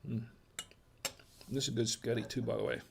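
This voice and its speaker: A man's voice: mid-range voice, steady tone, fairly quick, gravelly, a little hiss or hum. An American man hosting a casual wine tasting, chatty and folksy, murmuring as he samples food and wine. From United States. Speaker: wine review host.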